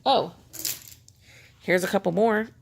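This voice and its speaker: A planner vlogger rambles casually at home while showing off her pen collection, chatty and poking fun at herself. Her voice is medium in pitch and husky with vocal fry, and she speaks slowly.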